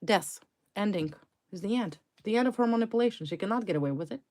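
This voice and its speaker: A woman's voice: mid-range voice, expressive, fast talker, a little mellow. A woman reading tarot cards for viewers, talking emphatically and indignantly and repeating her key words. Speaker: tarot reader.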